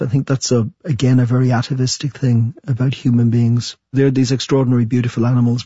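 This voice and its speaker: A man interviewed as an author, answering thoughtfully and reading aloud from his book in a measured storytelling manner. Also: medium pitch, warm tone, slightly rough, dry recording, lo-fi sound.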